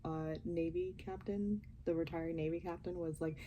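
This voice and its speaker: Young woman talking quiet and giggly at home, mellow voice, reacting to a show. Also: on the low side, steady tone, moderate pace, a little hiss or hum, low-quality recording. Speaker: reaction vlogger. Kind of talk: casual chat reacting to a TV show. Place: home while family sleeps.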